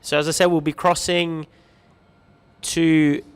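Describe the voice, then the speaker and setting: Male livestream host, friendly and chatty, slightly raised pitch, long hall echo on the track. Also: flat delivery, slow, clear, resonant tone. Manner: chatty, greets viewers by name, light joking. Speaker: livestream host reading viewer comments. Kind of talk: upbeat live-stream chat.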